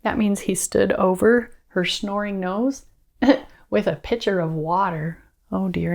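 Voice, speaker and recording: A woman teacher reading a picture book aloud to children, expressive and coaxing them to join in. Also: mid-range voice, vocal fry.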